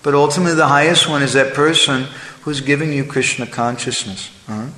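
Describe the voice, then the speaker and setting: A man's voice: fairly even intonation, a little fast, pushed and bright. A man giving a devotional lecture, explaining scripture and asking "right?" and "huh?" along the way. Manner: chants verses in a higher, singing voice. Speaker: spiritual teacher. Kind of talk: devotional lecture with Sanskrit and Bengali verses. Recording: echoey hall with faint ambience.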